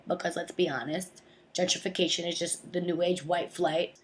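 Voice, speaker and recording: A woman's voice: fairly low pitch, level tone, normal speed. A young woman from New Jersey telling a comic monologue, sassy and slangy, acting out other people's voices. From Bergen County, New Jersey. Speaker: comedic storyteller.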